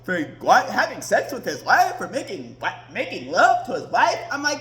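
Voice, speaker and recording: A woman's voice: medium pitch, wildly swooping pitch, moderate pace, a bit bright. A woman hosting a podcast, ranting in a blunt, profane casual monologue. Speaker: podcast host. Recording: roomy echoey recording.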